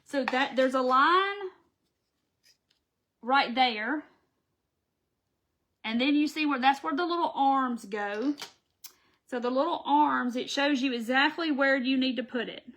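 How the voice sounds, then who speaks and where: Bright, chatty woman crafting live. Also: sits high, a little slow, pauses often. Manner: chatty, folksy, talks to viewers as she works. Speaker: craft channel host.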